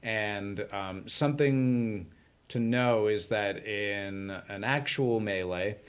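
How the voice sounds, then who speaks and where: A man with a fairly low voice talks through a topic in easygoing, unhurried chat. He explains at length, full of "um"s and small restarts, in the manner of a community TV co-host. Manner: relaxed, explanatory, many fillers. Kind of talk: casual chat. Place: community TV studio.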